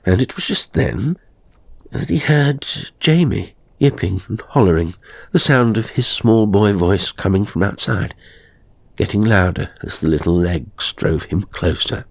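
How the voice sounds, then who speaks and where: A man reading a horror story in a slow, measured scripted narration, dropping to a hush at times. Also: on the low side, animated, vocal fry, breathy edge, no room sound.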